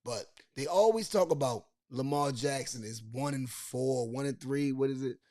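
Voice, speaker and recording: A man with a Baltimore accent hosting a casual sports podcast, talking in animated bursts, repeating himself and restarting his sentences. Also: medium pitch, normal speed. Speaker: podcast host.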